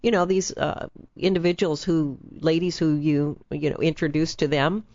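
A woman's voice: sits low, steady tone, moderate pace, darkish tone. A woman hosting a radio talk show, playful and affirming with her guest. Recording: dry, dull lo-fi sound.

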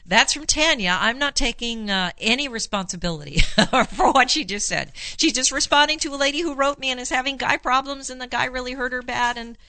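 A woman's voice: high voice, fairly quick, bright, forceful tone, no echo. A woman hosting a call-in advice show as a therapist, reassuring callers and reading listener emails in a chatty way with many fillers. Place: Los Angeles studio.

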